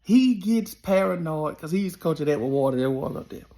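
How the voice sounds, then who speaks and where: A man with a gravelly, creaky voice that sits a little high recounts a story in an animated, emphatic way. He leans on repeated phrases to build it up. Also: fast talker. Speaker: former college basketball player.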